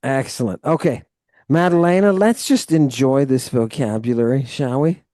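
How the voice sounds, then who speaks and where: A man's voice: mid-range voice, normal speed, mellow, no room sound. Man teaching Greek, dry close sound. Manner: encouraging, explains grammar at length. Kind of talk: live tutoring session.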